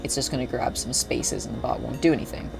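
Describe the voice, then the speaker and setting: A young man talks fast over music in an expressive, medium-pitched voice with vocal fry. He's streaming a video game, chatting casually in a rambling way, heavy on fillers and frequent self-interruptions.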